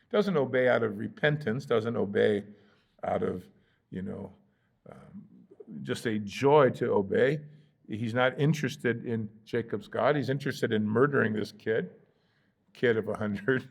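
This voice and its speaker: Gravelly-voiced American pastor teaching scripture. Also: male voice, medium pitch. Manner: conversational, with fillers and playful asides acting out the characters. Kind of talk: Bible study teaching. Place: church sanctuary.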